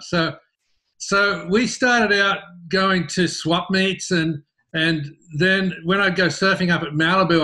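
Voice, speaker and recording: A middle-aged man with an Australian accent tells his business story in an interview, animated and often repeating words as he starts sentences. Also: a little high. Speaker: interview guest, business founder.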